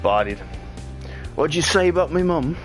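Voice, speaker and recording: Drunk pub footy bloke done by a guy, fake cockney, loud and picking a fight, game music behind. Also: fairly high pitch, lively intonation, normal speed, voice pushed up, lightly acted. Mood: rowdy. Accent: put-on Cockney. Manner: brash and mock-aggressive. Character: drunk rowdy male football bloke in a pub. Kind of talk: comic impression.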